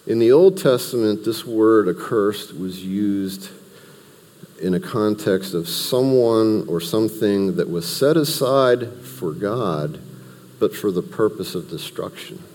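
Male Bible teacher, low dark voice, relaxed conversational teaching, reverberant hall. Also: slow pace. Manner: conversational, explains verse by verse with restarts and asides.

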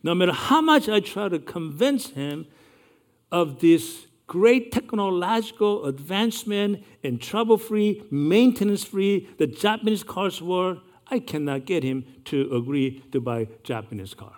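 A man, earnestly recounting a personal story in a measured way, with occasional restarts. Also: high voice, animated.

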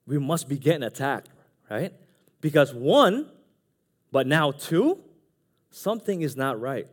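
A man, speaking from the front of a church. His voice sits at an ordinary middle pitch but keeps swinging from a quiet hush up to loud, raised peaks. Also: very animated, measured pace. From Jersey City / New York City area. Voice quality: earnest, with dramatic pitch and volume swings. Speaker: church member giving testimony. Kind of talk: personal testimony from the pulpit. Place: church sanctuary.

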